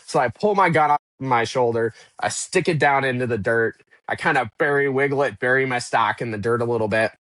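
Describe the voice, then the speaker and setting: Casting: male podcast guest, mid pitch, lively storyteller who voices his own thoughts, dry close sound. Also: fairly quick, no room sound. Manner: animated, acts out his own past thoughts in quotes. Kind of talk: casual storytelling interview.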